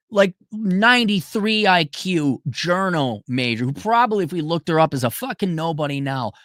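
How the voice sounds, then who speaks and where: A man's voice: sits high, a bit bright, no room sound, studio quality. A man delivering a profane, sarcastic ranting monologue, breaking into mocking voices. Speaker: commentator.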